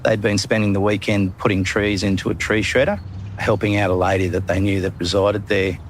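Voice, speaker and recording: A police officer giving a formal media statement, using police jargon with hesitant pauses. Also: male voice, lowish voice, little pitch movement, a little hiss or hum.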